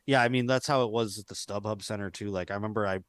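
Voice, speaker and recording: A man's voice: fairly low pitch, fairly even intonation, fast, smooth, dry recording. A man co-hosting a podcast in loose, profane, rambling casual chat, often acting out quotes. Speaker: podcast co-host.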